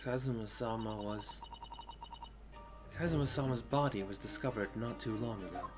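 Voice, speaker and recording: A man voicing a soft-spoken, polite young woman. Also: medium pitch, normal speed, over music, close to an everyday voice. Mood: solemn. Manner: soft, hushed, formal.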